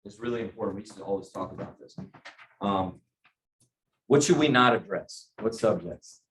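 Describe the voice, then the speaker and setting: A man's voice: on the low side, normal speed, a bit bright, a little hiss or hum. Chatty man teaching a sales class. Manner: conversational, asks the audience questions. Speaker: sales trainer. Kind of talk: training talk to a group.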